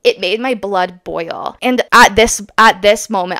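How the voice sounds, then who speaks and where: A woman in her twenties from Canada, giving casual, animated commentary on a reality show and acting out what the cast said. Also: mid-range voice, fairly quick, hardly any pauses, no room sound. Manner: animated, acts out the cast's quotes, swears. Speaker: commentary YouTuber.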